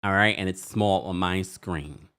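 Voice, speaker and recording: A man's voice: sits low, a little slow, sharp tone, clear, resonant tone. A man, hosting a casual livestream, chatting, laughing and reading viewer comments aloud. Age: 40s. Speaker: host.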